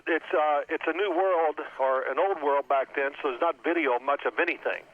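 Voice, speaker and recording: A man in his sixties, a former quarterback, telling lively football anecdotes and acting out his old coach's yelling. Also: fairly high pitch, normal speed. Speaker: former NFL quarterback guest. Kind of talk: storytelling phone interview. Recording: tinny phone line.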